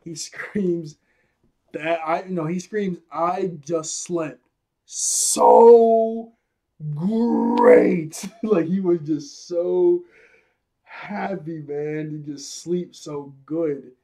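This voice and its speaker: Amused young man recapping anime, mellow. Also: a little high, fairly even intonation, takes it slowly. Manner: laughs often, acts out scenes in character voices. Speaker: anime episode reviewer. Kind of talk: casual recap commentary.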